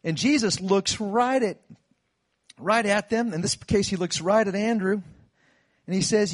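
A middle-aged male pastor delivers a sermon, acting out the lines of the people in the story as he goes. His voice sits a little high for a man. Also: a little slow. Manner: animated storytelling, acts out disciples' lines.

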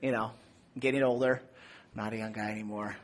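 A man in his thirties giving a casual, chatty sermon as a pastor, animated and full of fillers. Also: quick pace. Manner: chatty and animated, many fillers, acts out voices in a high shout. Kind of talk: casual sermon with personal story.

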